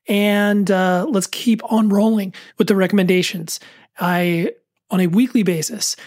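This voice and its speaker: A woman's voice: mid-range voice, darkish tone, dry recording, studio quality. A woman hosting a podcast, talking in a chatty, rambling way with plenty of fillers. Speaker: podcast host. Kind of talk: casual solo podcast segment.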